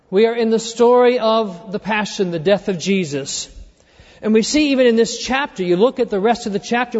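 A man preaching a sermon, earnestly walking through a scripture passage and dropping quieter when he quotes it. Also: high-pitched. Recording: dull reverberant hall sound.

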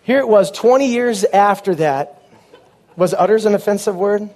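A man preaching a sermon as a comic story, punchy and animated, with quick asides to the crowd. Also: sits high.

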